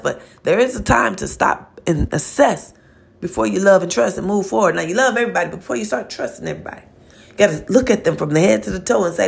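A woman's voice: on the low side, lively intonation, fast, creaky. A woman hosting a faith-based motivational podcast, speaking earnestly and directly to listeners, often checking in with "okay?" and repeating words as she searches for phrasing. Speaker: podcast host.

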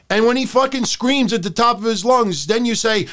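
A man's voice: very high voice, moderate pace, hardly any pauses, a bit bright. A man co-hosting a wrestling podcast, talking casually and profanely, acting out his rants in a raised voice. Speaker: podcast co-host.

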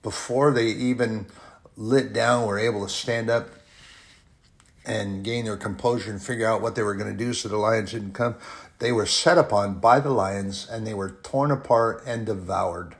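A man preaching a sermon, retelling a Bible story and reading scripture aloud, rising to loud bursts and dropping to quiet, slow lines. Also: lowish voice, steady tone, gravelly, breathy edge. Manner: reads scripture in old-fashioned phrasing.

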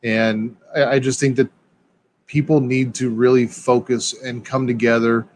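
A man in a casual podcast chat, talking in an excitable, rambling way and peppering his talk with dude and man. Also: mid-range voice, unhurried.

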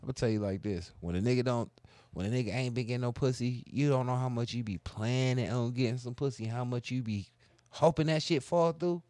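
A man on a casual talk show, telling crude, boastful stories in a profane, animated way. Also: medium pitch, brisk, no room sound. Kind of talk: casual storytelling chat.

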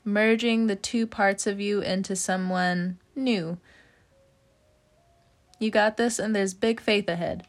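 A woman's voice: mid-range voice, steady tone, takes it slowly, long pauses. A woman giving a casual tarot reading, chatty, with many "you know" fillers, frequent little laughs and casual swearing. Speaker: tarot reader.

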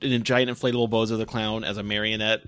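A man's voice: on the low side, level tone, fast talker, fairly bright tone, clear, resonant tone. A man co-hosting a movie podcast, chatting casually, swearing and acting out characters as he recaps scenes. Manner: profane, acts out characters in quotes. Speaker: podcast co-host.

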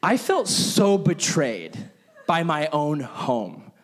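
A young man delivering a relaxed, conversational sermon as a pastor. He tells personal stories with animated energy and acts out his own reactions. His voice sits a little high and swings widely in pitch. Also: slow pace.

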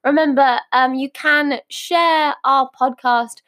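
Chatty higher-voiced woman co-host. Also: fairly even intonation, slow pace, fairly bright tone. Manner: chatty, teasing, upbeat. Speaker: podcast co-host. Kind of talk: comedy podcast banter.

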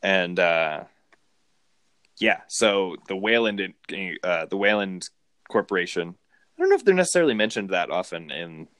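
A man casually discussing a movie, rambling and animated. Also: deep voice, normal speed, no room sound. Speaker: film podcast co-host.

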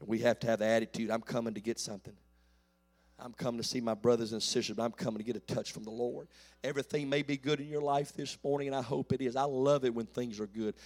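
A pastor in his late forties preaching a folksy call-and-response sermon that builds to shouts. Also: medium pitch, steady tone, fast talker. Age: 40s.

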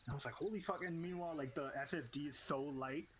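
A man's voice: medium pitch, steady tone, fast, fairly bright tone, a little hiss or hum. A young man co-hosting a casual podcast, joking with crude banter. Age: young adult. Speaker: podcast co-host. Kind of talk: casual chat.

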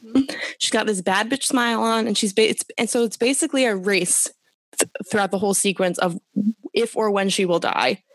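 Woman cohost recapping a show, swears a lot, animated, lots of ums, dry close mic. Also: medium pitch, brisk, no room sound. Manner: animated and profane, with frequent fillers. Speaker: podcast co-host. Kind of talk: casual chat recapping a TV show.

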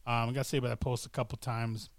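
A man's voice: mid-range voice, level tone, very fast, dry recording. A middle-aged man chatting casually to camera, rambling and hesitant, with many fillers and restarts. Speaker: vlogger. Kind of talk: casual chat.

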